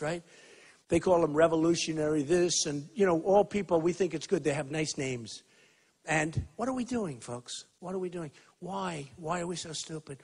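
An older man giving a campaign rally speech, repeating himself and swinging between loud shouts and low asides. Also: slightly rough. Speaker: political candidate at a rally. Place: school gym hall with a crowd.

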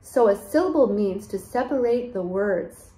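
A woman teaching young children, speaking in a sing-song way with exaggerated delight and slow, clear enunciation. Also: medium pitch, animated, warm tone, roomy sound. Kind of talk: children's lesson.

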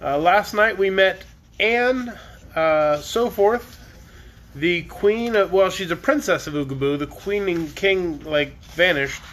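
A man's voice: high voice, slow, a bit bright, a little hiss or hum. A man reading a children's chapter book aloud on a live stream, with casual, chatty asides between chapters.

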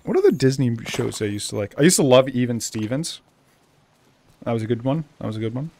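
A young man with a Boston accent, rambling casually as he hosts a game let's play and bursting into excitement now and then. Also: medium pitch, brisk. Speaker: gaming channel host.

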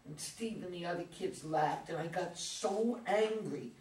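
A woman's voice: fairly low pitch, measured pace, a little mellow, natural voice. A woman reading an awkward, dramatic teenage girl. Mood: indignant. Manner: emotional, rambling, exaggerating. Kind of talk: reader's theater acting. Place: community theater reading room. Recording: echoey room, mic far off, some hiss.

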